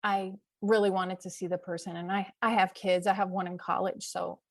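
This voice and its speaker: A woman's voice: lowish voice, little pitch movement, moderate pace, no room sound, clean studio sound. A middle-aged woman from the US East Coast, chatting enthusiastically as a podcast guest, listing examples with frequent fillers. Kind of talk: casual interview chat.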